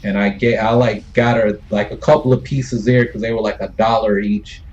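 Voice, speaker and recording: A man's voice: lowish voice, steady tone, moderate pace, a little mellow, dull audio, slight background noise. Laid-back male streamer telling stories. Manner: loose, laid-back, swears freely, chuckles between lines. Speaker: gaming streamer. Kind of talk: casual storytelling while streaming.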